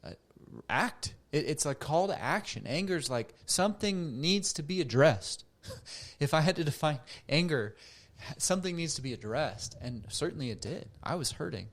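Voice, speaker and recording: Man, thirties, counselor, earnest reflective monologue, animated when quoting. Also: on the high side, normal speed.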